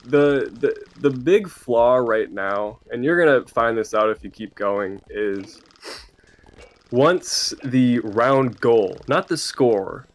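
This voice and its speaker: A young man talking as a guest in a loose, casual interview. His voice sits at an ordinary middle pitch, and he often hesitates with fillers and false starts. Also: animated, takes it slowly. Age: young adult. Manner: hesitant, many fillers and restarts. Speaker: indie game developer guest.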